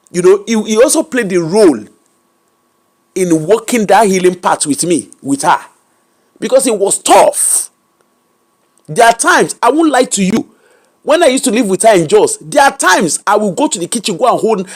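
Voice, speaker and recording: This interview guest is a woman with a Nigerian accent and a medium-pitched voice. Her personal story comes out candid, animated and emphatic, with Pidgin and Yoruba woven through her English.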